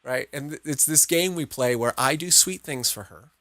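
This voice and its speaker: A man's voice: on the high side, moderate pace, pushed and bright, no echo, studio quality. A man hosting an interview podcast, chatting enthusiastically, laughing often and tagging his points with "right?". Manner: enthusiastic, laughs often, repeats "right?", acts out little dialogues. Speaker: podcast host. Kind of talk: casual interview chat.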